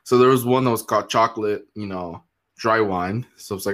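A man's voice: lowish voice, quick pace, a bit bright. Laid-back man telling crude stories. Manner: swears a lot, laughs often, acts out stories. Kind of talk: casual chat.

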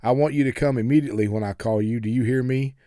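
A man voicing a spoiled, furious young woman in a hospital bed, yelling insults in a raised, shrill voice. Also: steady tone, fast talker, no echo, clean studio sound, lightly acted. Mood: enraged.

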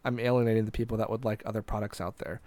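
A man's voice: fairly low pitch, little pitch movement, very fast, dark tone, no room sound. A man co-hosting a podcast in casual chat, joking around and teasing his friend. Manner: joking, playful, breaks into silly voices. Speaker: podcast co-host.

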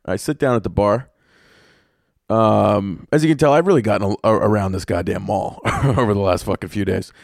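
A man's voice: on the low side, creaky, no echo, clean studio sound. A young man, a comedian, ranting alone on his podcast, swearing freely and putting on mocking voices as he tells stories. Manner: profane, animated storytelling with mocking voices. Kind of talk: casual solo rant.

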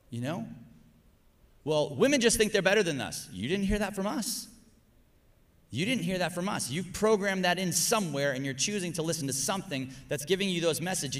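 High, bright-voiced man preaching emphatically. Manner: emphatic preaching, swings from loud exhortation to hushed tones; calls on the congregation to answer. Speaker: pastor. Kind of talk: sermon.

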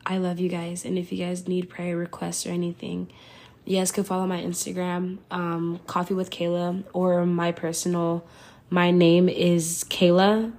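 Earnest young woman with gravelly voice. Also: fairly low pitch, a little mellow. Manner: earnest, heartfelt, addresses listeners as y'all and guys. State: holding back tears. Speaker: podcast host. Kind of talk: faith podcast monologue.

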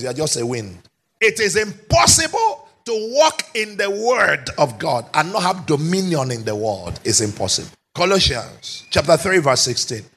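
A man preaching a sermon as pastor, emphatic and often shouting, with rhetorical questions to the congregation. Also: high-pitched, big pitch swings, moderate pace.

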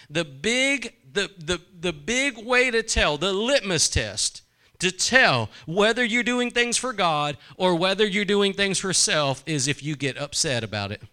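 A man's voice: high voice, lively intonation, a little slow, pushed and bright, smooth. A man preaching a sermon in a conversational way, asking the congregation questions and acting out quoted voices.

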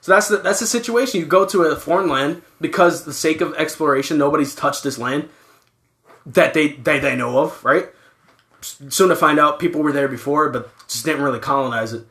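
A man's voice: fairly high pitch, a little fast, a bit bright, echoey room. A man co-hosting a casual chat, telling rambling, profane stories.

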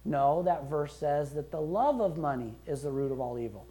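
A pastor preaches in church with a warm, medium-pitched voice at normal speed. His manner is emphatic but conversational, and he dramatizes prayers and quotations as he speaks.

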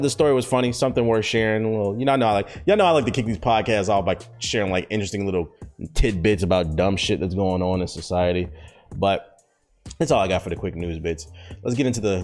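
An American man hosting a solo podcast, talking loosely with lots of fillers and swearing, swinging between excited bursts and low mutters. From United States. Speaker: podcast host. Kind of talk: casual solo podcast monologue.

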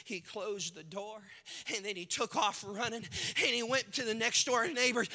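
A man's voice: sits high, fairly even intonation, normal speed, bright, forceful tone, in a large hall. A man preaching a sermon as pastor, telling a parable with dramatic storytelling and acted-out voices.

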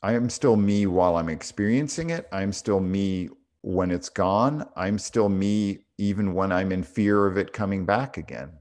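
A man's voice: low-pitched, moderate pace, hardly any pauses, darkish tone. A middle-aged man telling a story on a casual spiritual podcast, reflective and full of small restarts. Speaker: podcast co-host.

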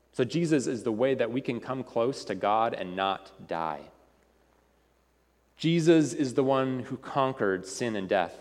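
Earnest male preacher in a reverberant hall. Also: medium pitch. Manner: earnest, repetitive, with frequent restarts. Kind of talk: sermon.

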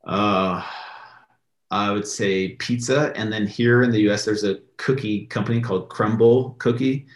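A man in his late thirties, a podcast guest, talking in a relaxed, friendly way. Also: on the low side, a little slow. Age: late 30s. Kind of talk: casual interview chat. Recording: roomy echo.

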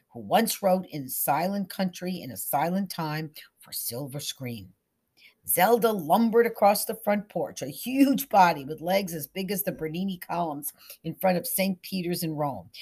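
Expressive woman reading a story aloud. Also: lowish voice, measured pace, husky. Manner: expressive, shifting into soft whispers and raised character voices.

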